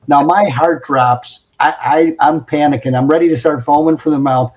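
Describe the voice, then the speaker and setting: A man's voice: on the high side, normal speed, few pauses, darkish tone, rough recording. A middle-aged man telling car-sales stories in casual chat, laughing as he goes. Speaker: podcast guest. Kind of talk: casual storytelling. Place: home closet.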